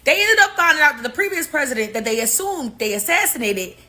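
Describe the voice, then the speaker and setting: Middle-aged woman host, casual livestream chatter, lively and profane, bright tone. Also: high-pitched, fast. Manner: animated, profane, swearing and slangy. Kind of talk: casual live-stream commentary.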